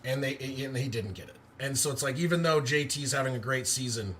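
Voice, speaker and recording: A man doing amateur live play-by-play of a football game, excitable and breaking into loud cheers, chatting with viewers between plays. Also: medium pitch, brisk, a little hiss or hum.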